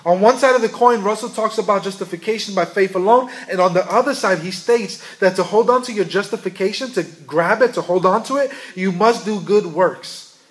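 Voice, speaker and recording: High-voiced male preacher, earnest. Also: brisk. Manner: earnest, asks the congregation questions. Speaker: pastor. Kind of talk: sermon.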